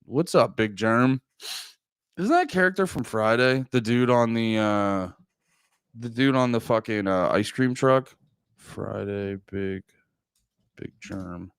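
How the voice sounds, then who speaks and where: A man's voice: fairly low pitch, slow, pauses often, clear, resonant tone, no room sound. A man streaming live, chatting casually with his viewers in a rambling, profane, joking way.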